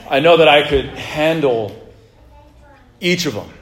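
A man preaching a sermon in a relaxed, conversational way, with jokes and asides to the congregation. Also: a little high, unhurried. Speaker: pastor. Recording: echoey room.

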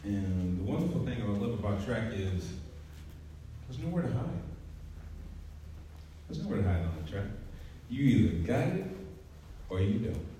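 A preacher and track coach in his 40s gives a casual, joking sermon in a church sanctuary, laughing often and sounding conversational. His fairly low, warm voice has lively intonation, normal speed and frequent pauses, heard from a distant mic in a very echoey hall with a little hiss or hum.

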